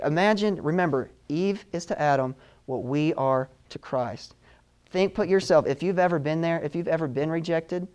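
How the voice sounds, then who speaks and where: A male preacher delivers an emotional sermon with real earnestness. His voice sits a bit above the usual male range. He leans into slow, deliberate pauses when he wants a point to land. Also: a little high, darkish tone, clear, resonant tone.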